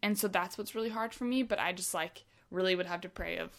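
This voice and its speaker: Young woman, lowish voice, chatty storyteller, filler-heavy casual talk. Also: fast talker, gravelly. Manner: chatty, many fillers, animated retelling. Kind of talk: casual chat.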